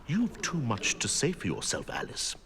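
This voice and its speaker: A man's voice: lowish voice, huge pitch swings, normal speed, fairly bright tone, long reverb tail, a little hiss or hum, exaggerated voice. An actor playing a flustered, pompous king presiding over a trial, muttering to himself. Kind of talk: film acting.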